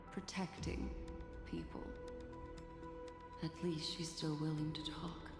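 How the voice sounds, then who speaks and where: An actress voicing a poised, teasing female memory keeper in a game, with a smooth, wry delivery. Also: low-pitched. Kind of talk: game voice acting. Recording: reverberant game audio with music.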